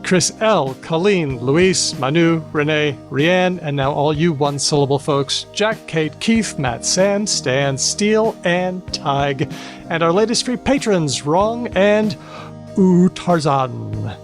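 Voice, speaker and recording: A man hosting a podcast in a playful, casual way, briskly reading out lists of names. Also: on the high side, soft background music. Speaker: podcast host.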